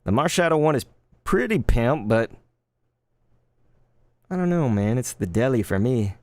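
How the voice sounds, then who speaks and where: A man in his thirties chatting casually while opening trading cards live, laid-back and quick to get excited. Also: mid-range voice, no room sound. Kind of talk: live card-opening stream chat.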